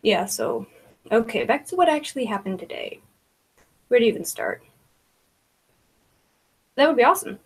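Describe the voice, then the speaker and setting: A woman's voice: on the high side, big pitch swings, normal speed, pauses often, breathy edge. A woman hosting a casual livestream, rambling about online gossip with frequent laughter, swearing and filler words.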